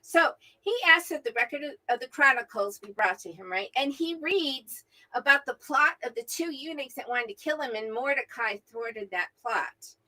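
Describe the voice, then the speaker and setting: A middle-aged woman co-hosts a casual Bible discussion, telling the story in a high, bright voice. Her pitch swings widely as she animates each scene. She keeps checking in with "right?" as she goes. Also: expressive, normal speed, hardly any pauses, rough recording. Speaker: co-host, mother of the other host. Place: at home, remote from her co-host.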